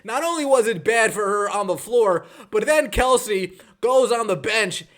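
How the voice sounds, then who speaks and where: High voiced guy podcast host, sarcastic ranting about sports stats. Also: expressive, normal speed, a bit bright. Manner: sarcastic, mocking. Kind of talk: sports commentary rant.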